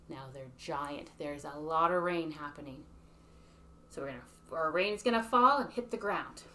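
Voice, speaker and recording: A woman's voice: fairly low pitch, expressive, normal speed, a bit bright, slight background noise. A woman from Canada leading young children through simple songs and rhymes, chatting to them between verses. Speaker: early years program leader. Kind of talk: children's song and rhyme circle. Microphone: webcam or phone.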